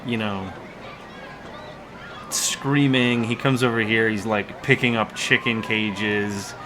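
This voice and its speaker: A man's voice: lowish voice, fairly even intonation, unhurried, a crowd in the background. A man narrating a tabletop game as game master in a casual, rambling way with fillers, with faint background noise.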